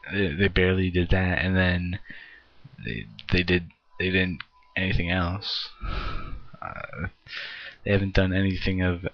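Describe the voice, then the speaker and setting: A man's voice: low voice, slow pace, long pauses, dry recording, highs cut off. A young American man ranting in a frustrated vlog, swearing heavily and sighing often. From United States. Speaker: vlogger.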